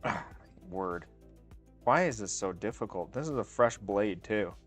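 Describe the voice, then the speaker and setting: A man's voice: lowish voice, animated, unhurried, soft background music. A man hosting a casual livestream, joking and laughing often as he talks to chat while working on a craft. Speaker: livestream host.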